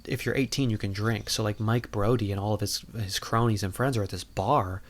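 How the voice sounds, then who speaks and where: A man's voice: on the low side, steady tone, a little fast. A man hosting a podcast, recapping a movie in a casual, rambling, jokey way, full of "like" and "you know". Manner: jokey and irreverent. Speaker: podcast host.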